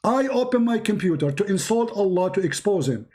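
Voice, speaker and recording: A debate show host is running a heated live stream over a computer mic, and his voice is starting to give out. He speaks fairly quickly in a high, slightly mellow voice with lively intonation, pressing his points insistently and repeating himself.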